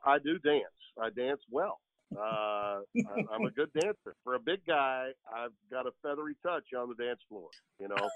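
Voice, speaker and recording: A man's voice: mid-range voice, animated, normal speed, dry recording. A man in his sixties, a veteran sportscaster, telling stories and joking as a guest. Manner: storytelling, joking. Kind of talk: casual chat. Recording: dry tinny phone line.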